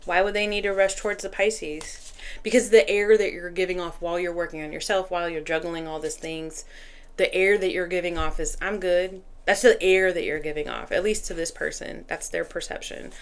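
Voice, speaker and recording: A woman's voice: fairly low pitch, steady tone, fairly quick. A woman giving a casual tarot reading, talking to the cards and spirit as she shuffles. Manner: talks to cards and spirit while shuffling, chatty. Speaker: tarot reader.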